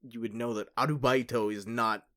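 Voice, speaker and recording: A man co-hosting a casual podcast, laid-back, chiming in with quick agreement and swearing casually. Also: mid-range voice, steady tone, pushed and bright. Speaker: podcast co-host.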